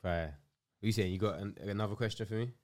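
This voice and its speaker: A young man, chatting calmly and agreeably as a podcast co-host. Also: fairly low pitch, brisk, a little hiss or hum. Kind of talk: casual chat.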